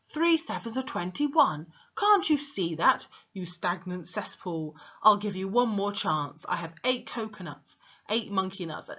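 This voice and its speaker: A woman voicing a brutal, bullying headmistress who shouts insults, on a dull lo-fi recording. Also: mid-range voice, voice pushed up.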